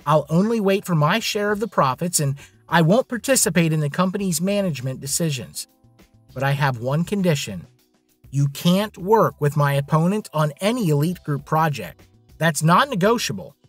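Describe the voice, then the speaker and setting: A man's voice: fairly high pitch, expressive, normal speed, breathy edge, no room sound, faint music behind. A man playing a cocky rich schemer. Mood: smug.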